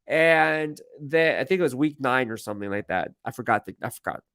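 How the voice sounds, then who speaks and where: A man's voice: mid-range voice, animated, fairly quick, vocal fry, fairly bright tone, clear, resonant tone, no echo, clean studio sound. A man, a sports team reporter, hosting a casual live-stream Q&A from a media workroom and rambling in a self-deprecating way.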